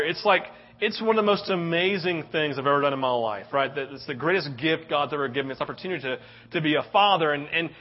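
A man's voice: on the high side, lo-fi sound. A man in his thirties preaching a sermon, telling a story animatedly and often asking "right?". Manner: animated storytelling, tag questions. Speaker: pastor.

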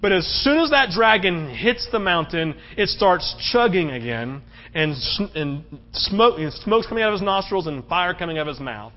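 Male pastor, fairly high voice, preaching with emphatic surges, on a muffled, lo-fi recording. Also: normal speed. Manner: emphatic preaching, rising to loud, high-pitched peaks; animated storytelling with frequent "right?" asides. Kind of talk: sermon. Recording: dull, lo-fi sermon recording.

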